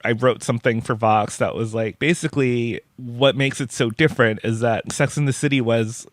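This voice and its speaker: A man's voice: medium pitch, steady tone, normal speed, few pauses, no room sound, studio quality. Chatty guy with lots of "like" fillers. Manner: chatty, full of "like" fillers, laughs often. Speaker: pop culture writer and guest. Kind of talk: casual interview chat.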